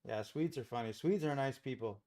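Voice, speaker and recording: A man from Los Angeles hosting a live day-trading stream, chatting casually with viewers in a relaxed, rambling way and chuckling often. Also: mid-range voice, fairly quick. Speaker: day trading livestream host. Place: home trading setup.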